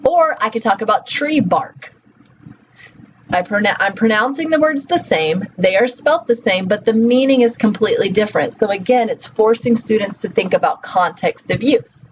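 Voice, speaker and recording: A woman's voice: medium pitch, lively intonation, normal speed. A woman lecturer giving a recorded class, explaining step by step and asking her students questions. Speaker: college lecturer. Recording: dull lo-fi audio with faint hiss.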